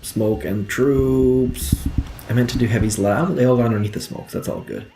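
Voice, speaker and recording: A man's voice: mid-range voice, fairly even intonation, moderate pace, over music. A young man giving casual gameplay commentary from home, muttering frustrated, self-deprecating remarks as he plays. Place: home room.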